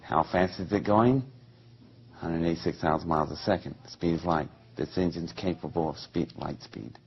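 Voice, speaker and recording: A man with a low, husky voice tells a story in an interview. He is animated and puts on the voices of the people he quotes. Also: normal speed, lo-fi sound. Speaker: interview guest.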